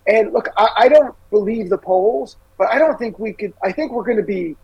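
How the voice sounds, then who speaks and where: Emphatic man with a husky high voice. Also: brisk, dry recording, lo-fi sound. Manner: emphatic, urgent, repeats key words. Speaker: guest commentator. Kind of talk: political talk show discussion.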